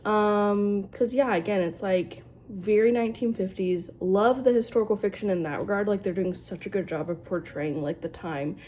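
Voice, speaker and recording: A woman's voice: medium pitch, moderate pace, few pauses, darkish tone, a little hiss or hum. A young woman chatting casually to camera about books, full of fillers and likes. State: sleepy in the morning. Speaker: booktube vlogger. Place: home, later a dog park outdoors.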